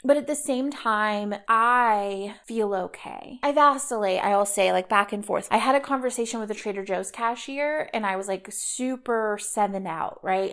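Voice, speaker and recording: A woman's voice: mid-range voice, normal speed, few pauses, fairly bright tone. A woman in her thirties hosting a solo podcast, talking casually and reflectively with frequent "like" and "kind of.". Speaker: podcast host.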